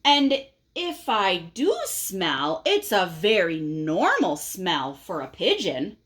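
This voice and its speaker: A woman's voice: medium pitch, wildly swooping pitch, a bit bright, full character voice. A woman voicing a stubborn, grumpy young male pigeon who drags out excuses in a storybook read-aloud. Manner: whiny, drawn-out excuses.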